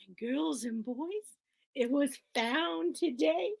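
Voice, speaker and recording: A woman teacher reading a picture book aloud to children, playful and animated, often dropping into whispers. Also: sits high, takes it slowly, vocal fry.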